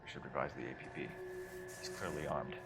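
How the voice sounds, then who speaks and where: A man's voice: rumbling low, fairly even intonation, brisk, music in the background. An actor playing a terse, matter-of-fact male police detective in a 1940s crime game. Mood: flat.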